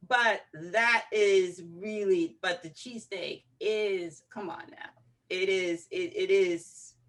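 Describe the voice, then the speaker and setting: A woman's voice: mid-range voice, takes it slowly, a bit bright. An easygoing woman chats about movies on a roundtable. Her voice comes from some distance away from the mic. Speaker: film critic. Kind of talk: roundtable movie review chat.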